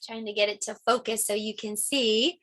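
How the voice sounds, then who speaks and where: A middle-aged woman teaching a preschool lesson in a gentle, sing-song voice. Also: mid-range voice, fairly even intonation, normal speed.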